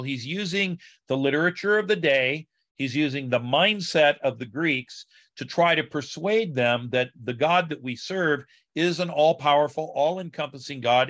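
Bright-voiced man explaining like a teacher. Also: medium pitch, no echo. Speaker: Bible scholar guest. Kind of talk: podcast interview.

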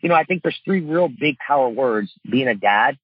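A man's voice: medium pitch, animated, moderate pace, slightly rough, dry recording, lo-fi sound. A middle-aged man, a father and coach, talking earnestly in a casual interview, with lots of fillers. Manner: earnest, heartfelt, many fillers like "you know" and "man".

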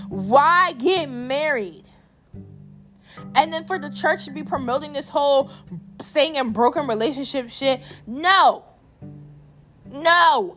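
A woman's voice: high-pitched, fairly bright tone. A young woman vlogging a blunt, exasperated opinion rant, swearing freely and repeating her points for emphasis. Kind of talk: candid opinion rant to camera.

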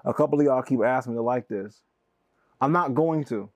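A man co-hosting a podcast in casual chat, animated, his voice jumping up when he argues, laughing often. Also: mid-range voice, a little fast, no room sound. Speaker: podcast co-host.

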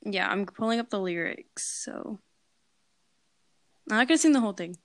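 A woman's voice: mid-range voice, lively intonation, normal speed. A young woman co-hosting a casual comedy podcast who jokes, giggles and sings loose, off-key snatches of songs. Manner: giggly, self-deprecating, sings loosely from lyrics. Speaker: podcast co-host.

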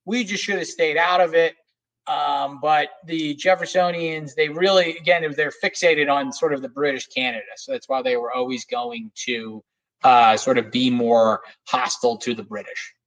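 Male podcast guest, slightly high voice, rambling, filler-heavy delivery. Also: fairly even intonation, moderate pace, a bit bright, rough recording. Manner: rambling, many fillers and restarts. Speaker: guest historian. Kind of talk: casual podcast interview.

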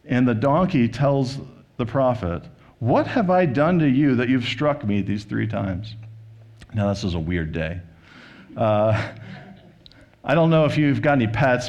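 A male pastor giving a sermon, retelling and reading a scripture story in a relaxed, conversational manner. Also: mid-range voice, highs cut off. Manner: conversational storytelling, paraphrasing scripture with quoted voices.

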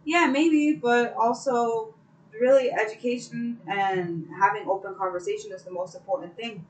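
A woman's voice: on the high side, steady tone, moderate pace, poor audio. A woman co-hosting a casual chat, opinionated and rambling, with casual cursing.

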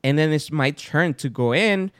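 A man hosting a podcast in casual chat, telling a story with lively acted-out quotes. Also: normal speed, clean tone, no room sound, studio quality. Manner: animated storyteller, acts out quotes with big pitch jumps. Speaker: podcast host.

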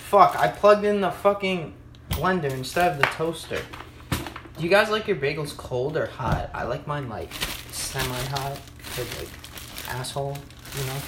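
A young man hosting a podcast from home, rambling casually and cursing, with sudden loud outbursts. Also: on the high side, a little slow. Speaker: podcast host. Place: at home, in his room and kitchen. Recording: echoey room with background noise.

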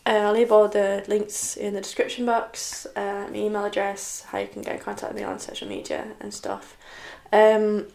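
A young woman talking to camera in a personal confessional vlog, halting and tearful, often breaking off and restarting her sentences. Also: medium pitch, level tone, vocal fry, reverberant. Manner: halting, many restarts and soft trailing phrases. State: tearful, upset. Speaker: vlogger.

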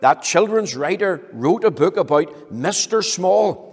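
A man's voice: sits high, expressive, gravelly, slightly rough. Man telling children a story in a hall. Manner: slow, gentle storytelling. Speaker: children's talk presenter. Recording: echoey hall with long reverb.

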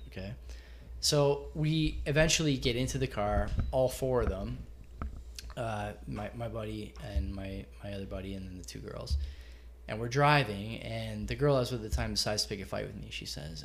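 A man with a gravelly, creaky voice telling a story casually on a podcast. He swears freely and stays animated as he spins the anecdote. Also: fairly low pitch, moderate pace, a little hiss or hum. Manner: profane, animated retelling with acted quotes. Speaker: storyteller guest.

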